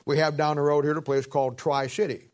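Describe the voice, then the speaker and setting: A man gives a sermon from the pulpit in a slightly raised voice. He slows and swells to read scripture aloud, then drops into chatty asides, clearing his throat as he goes. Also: fairly high pitch, level tone, darkish tone. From Ohio, United States. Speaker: pastor.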